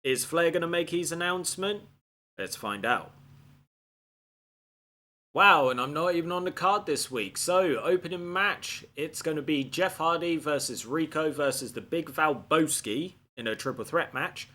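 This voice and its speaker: A man giving animated, expletive-laden commentary on a video game playthrough. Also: on the high side, measured pace. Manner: animated, swears often, frustrated outbursts.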